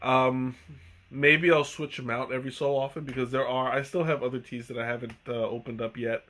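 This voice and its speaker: A man's voice: mid-range voice, level tone, a little fast, fairly bright tone. A man hosting a casual tea-tasting live stream, rambling with many ums and restarts. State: hiccuping. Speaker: tea livestream host.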